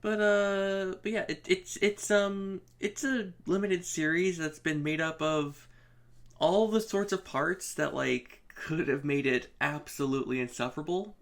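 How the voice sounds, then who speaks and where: A woman's voice: fairly low pitch, a little slow. A woman co-hosting a casual comic review stream, talking hesitantly with frequent ums and uhs. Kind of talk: casual chat.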